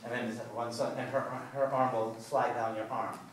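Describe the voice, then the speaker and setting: A man's voice: mid-range voice, level tone, normal speed, slight background noise. Man counting salsa steps in an echoey studio. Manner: counts steps aloud while demonstrating, loose and casual. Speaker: salsa dance instructor. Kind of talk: counting beats and explaining moves in a class. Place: dance studio, indoors. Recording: echoey studio from a distant camera.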